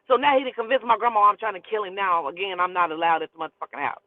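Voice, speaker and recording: A woman's voice: medium pitch, racing, hardly any pauses, no room sound. A woman in her forties telling a personal story in a blunt, profane, emphatic way, like a casual storyteller host. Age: 40s. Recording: tinny phone-like, dry sound.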